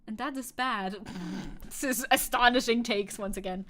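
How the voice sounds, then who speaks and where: A woman's voice: a little high, a little slow, a bit bright, slight background noise. A woman streaming live, chatting casually and reading news and chat messages aloud, opinionated, swearing casually and laughing often. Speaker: VTuber streamer.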